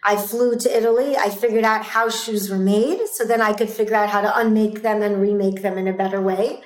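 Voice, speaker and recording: A woman's voice: medium pitch, steady tone, a little fast. A woman in her fifties, an entrepreneur guest, telling her story intensely and emphatically, repeating lines for force. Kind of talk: emotional personal storytelling. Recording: roomy echo with faint music.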